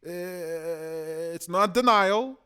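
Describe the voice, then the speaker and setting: A man, giving excitable, rambling political commentary for a video blog and often tacking on "man". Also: high voice, drawn-out words, clean tone. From Canada.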